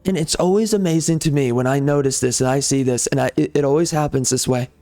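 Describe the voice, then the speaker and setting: A man's voice: mid-range voice, fast, warm tone. A man ranting off the cuff over gameplay, heated and sarcastic, often repeating himself. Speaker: gaming channel host.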